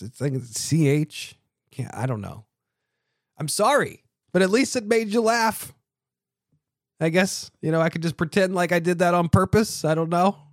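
A man's voice: fairly high pitch, dry recording, studio quality. A man hosting a casual podcast alone, rambling and mocking himself, with frequent swearing and restarts. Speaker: podcast host.

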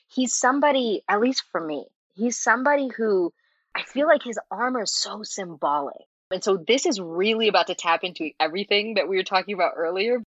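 A woman's voice: mid-range voice, no room sound. Chatty woman on muffled lo-fi audio. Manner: animated, laughs often, lots of filler words. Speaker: interview guest, fanfiction writer. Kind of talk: casual chat.

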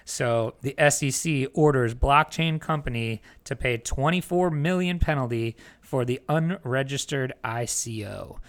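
A man's voice: medium pitch, measured pace, hardly any pauses. A man co-hosting a podcast, chatting casually about news with loose fillers and easy laughs. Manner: relaxed, laughs often, many fillers. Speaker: podcast co-host.

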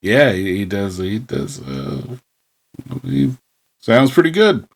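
A man in casual podcast banter, his pitch moving widely up and down. He talks loosely, with casual swearing and animated outbursts. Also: slow, gravelly. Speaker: podcast co-host. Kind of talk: casual chat.

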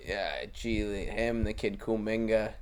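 A man co-hosting a podcast in casual, profane chat, often breaking into loud laughing impressions. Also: fairly low pitch, flat delivery, normal speed, crowd noise. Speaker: podcast co-host.

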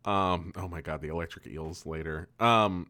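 A man co-hosting a casual podcast, recapping a cartoon episode with frequent laughter and quick silly voices for the characters. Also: deep voice, sharp tone, no room sound, studio quality. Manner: laughs often, loose and profane, acts out lines in quick silly voices. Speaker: podcast co-host.

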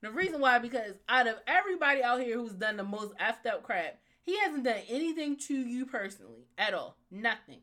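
A woman co-hosting a podcast in casual chat, animated, blunt and opinionated. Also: on the high side, fairly quick, few pauses. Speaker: podcast co-host.

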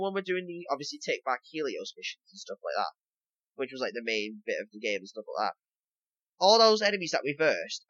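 A man's voice: on the high side, a bit bright, dry recording, lo-fi sound. A man co-hosting a casual gaming podcast, rambling and leaning on "basically" and "obviously" as he explains. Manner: rambling, repeats himself, lots of "basically" and "obviously". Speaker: podcast co-host.

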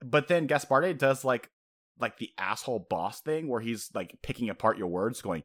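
A man co-hosting a casual chat, talking in an animated way, laughing often and acting out quotes. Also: mid-range voice, moderate pace.

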